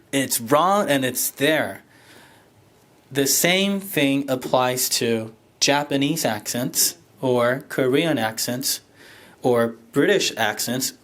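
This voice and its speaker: A man from Taiwan giving a teacher workshop lecture, switching between Mandarin and English in an animated, joking way. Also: mid-range voice.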